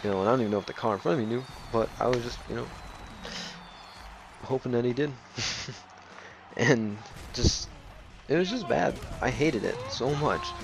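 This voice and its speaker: A man's voice: medium pitch, normal speed, vocal fry, pauses often, noisy background. A man casually commenting over a game he plays, rambling with frequent swearing and fillers. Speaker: let's play commentator.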